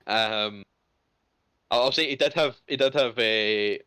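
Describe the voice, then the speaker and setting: A man running a tabletop game as dungeon master, narrating casually with halting restarts. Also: medium pitch, bright, forceful tone, clean tone. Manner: casual, halting, full of fillers.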